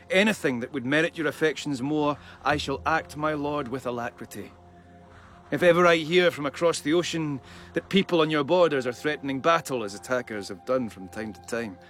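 In a dramatic reading of epic verse, a man voices a bold young warrior hero, his delivery measured, formal and proud. His pitch sits fairly high with a slightly bright tone, and the acting is light.

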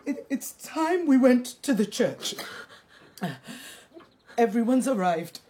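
A woman's voice: a little high, big pitch swings, slow, warm tone, slight background noise. A woman playing the tearful, clinging mother of the bride. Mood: wistful. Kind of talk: stage or radio play acting.

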